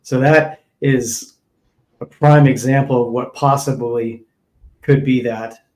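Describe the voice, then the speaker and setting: A man's voice: mid-range voice, steady tone, slow pace, darkish tone, poor audio. Courteous man hosting a podcast. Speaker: podcast host. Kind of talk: casual interview.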